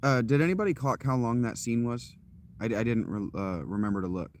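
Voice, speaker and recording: A man in his thirties chatting casually with his stream while walking outdoors, rambling with fillers and self-corrections in a loud, projecting voice. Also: medium pitch, a little fast, a little hiss or hum. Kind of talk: casual live-stream chat. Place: outdoors, walking through a parking lot.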